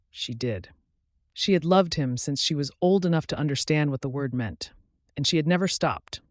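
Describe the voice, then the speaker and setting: A man reading a romance audiobook in a calm, measured way, his voice softly dropping at the ends of sentences. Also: medium pitch, no echo, studio quality. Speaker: audiobook narrator. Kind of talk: scripted audiobook narration.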